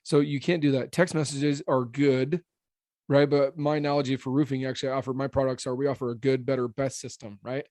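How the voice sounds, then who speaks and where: A man in his thirties who owns a roofing business, a podcast guest talking fast and blunt, slurring his words a little. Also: dry recording, clean studio sound. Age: 30s. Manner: blunt, animated, salesman-like pitching. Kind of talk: casual podcast interview.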